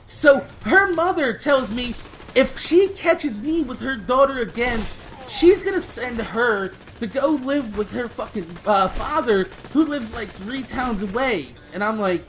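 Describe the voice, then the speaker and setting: A man in his late twenties with a fairly high voice tells a story as he plays, laid-back and rambling. He curses constantly and slips into street slang, with faint noise in the background. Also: normal speed, fairly bright tone. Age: late 20s. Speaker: gaming channel host. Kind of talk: storytelling over gameplay.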